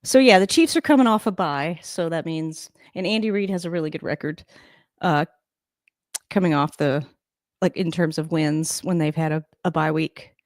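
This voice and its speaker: A woman's voice: deep voice, moderate pace, no room sound, studio quality. A woman hosting a casual live stream at home, chatting and rambling while reacting to a game on TV and laughing often.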